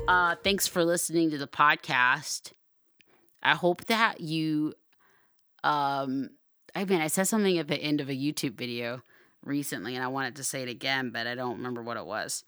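A young woman hosting her podcast in casual solo talk, chatty and playful, now and then loud and excited. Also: very deep voice, normal speed, clean tone. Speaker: podcast host.

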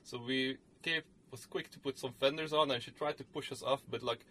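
A man's voice: mid-range voice, fairly even intonation, a little fast, fairly bright tone, a little hiss or hum. A man co-hosting a podcast, telling a story in casual chat, rambling with many fillers and restarts. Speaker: podcast co-host.

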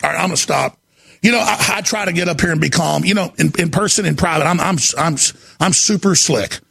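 A man hosting a talk radio show, delivering a frantic, desperate monologue that often breaks into shouting. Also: fairly high pitch, a little fast, vocal fry, breathy edge. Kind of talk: impassioned on-air monologue.

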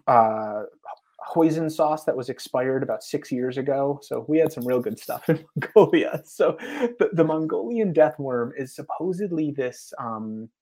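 Animated American man telling stories. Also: mid-range voice, unhurried. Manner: animated anecdotes with frequent laughs and acted quotes. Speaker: guest, TV traveler. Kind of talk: casual storytelling interview.

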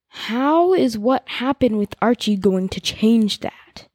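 A woman podcast host reading a novel aloud in a steady, expressive way. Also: fairly high pitch, takes it slowly, hardly any pauses, dry recording.

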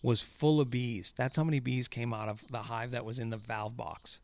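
A man's voice: mid-range voice, fairly even intonation, moderate pace, vocal fry, a crowd in the background. A man who works as a golf course superintendent, telling rambling stories in casual chat, swearing and laughing often.

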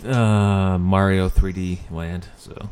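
A man chatting casually about video games, relaxed and trailing off, correcting himself as he goes. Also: deep voice, slow, clear, resonant tone. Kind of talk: casual gaming chat.

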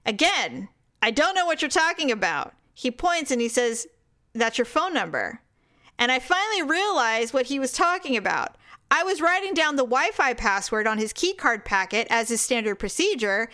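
Animated, laughing woman podcast host. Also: on the high side, clean tone. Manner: animated, laughing, acts out quotes in voices. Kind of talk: casual chat, reading listener stories.

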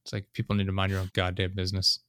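A man's voice: low-pitched, completely flat delivery, rapid-fire, fairly bright tone, clear, resonant tone, dry recording, studio quality. A man in casual chat, telling stories in a profane, ranting way.

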